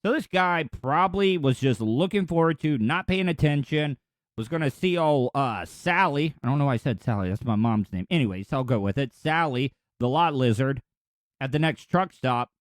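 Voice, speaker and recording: A man's voice: mid-range voice, lively intonation, normal speed, no echo, studio quality. A man hosting a podcast, riffing crude jokes over news clips in a rambling, offhand way. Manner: rambling, crude joking asides. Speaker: podcast host. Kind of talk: comedic news commentary.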